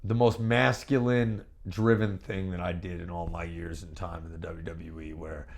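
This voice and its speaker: A former pro wrestler being interviewed, talking in a brash, profane and boastful way and telling animated stories with bursts of repeated words. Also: male voice, sits low, moderate pace. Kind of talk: candid shoot interview.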